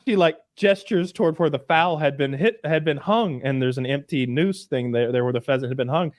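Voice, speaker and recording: A man with a slightly higher voice breathlessly recounts a TV episode, slipping into characters' voices as he goes. The sound is close and dry, with no room around it. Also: a little fast, no room sound. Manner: animated storytelling, acts out characters in quoted voices, swears freely. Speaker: podcast co-host. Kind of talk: casual chat recapping a TV show.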